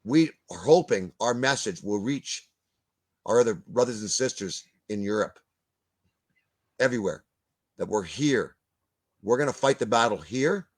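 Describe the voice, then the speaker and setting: A man's voice: on the low side, lively intonation, unhurried, long pauses, breathy edge. An older man, ranting bluntly as a guest in a video-call discussion, swearing and stumbling over repeated words. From Canada.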